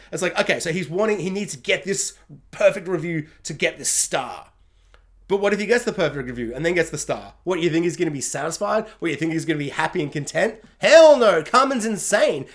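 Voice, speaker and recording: A man giving a casual spoken review of a TV series, chatty and animated, laughing often and talking in loose, filler-heavy sentences. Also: fairly high pitch. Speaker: YouTube TV reviewer.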